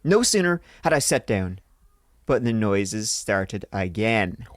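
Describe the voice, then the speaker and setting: A man's voice: fairly low pitch, big pitch swings, slow, no room sound, studio quality. A man hosting a podcast, reading a listener's ghost story aloud in a casual way, swearing freely and joking between lines. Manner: swears freely, breaks off to joke mid-story.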